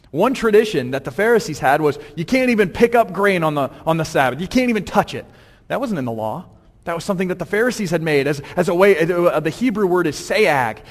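A man preaching a sermon as a pastor, animated and acting out the scenes in different voices. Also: fairly high pitch. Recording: long hall reverb, church.

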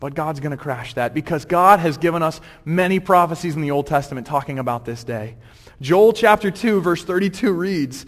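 A man preaching a sermon in a lively, humorous way, acting out the scripture as he goes. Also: on the high side, normal speed, big-room sound. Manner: humorous, acts out quotes, animated.

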